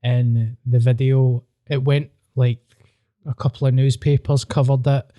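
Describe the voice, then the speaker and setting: A man's voice: mid-range voice, level tone, unhurried, dry recording, lo-fi sound. A Scottish man with a Glasgow accent, hosting a podcast and telling rambling, sweary stories in casual chat. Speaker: podcast host.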